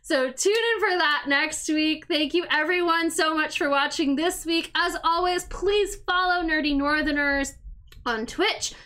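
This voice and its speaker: A woman's voice: high voice, unhurried, pushed and bright. A young woman hosting a podcast, chatty and giggly as she teaches Japanese phrases. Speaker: podcast host. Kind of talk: casual chat.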